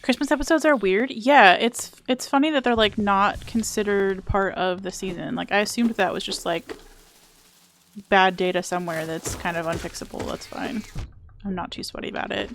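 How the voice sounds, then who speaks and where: A woman's voice: medium pitch, steady tone, moderate pace, a little hiss or hum. Chatty woman streamer, wry and casual. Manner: chatty, wry, swears casually, laughs at herself. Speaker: game streamer. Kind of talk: casual chat while streaming a game. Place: home room.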